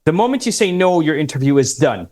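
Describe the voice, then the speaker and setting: Man coaching job seekers, emphatic, instructive, fairly high voice. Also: very animated, fast talker, a little mellow. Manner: emphatic, instructive, quotes interview lines. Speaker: career coach guest. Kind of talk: advice-giving podcast talk.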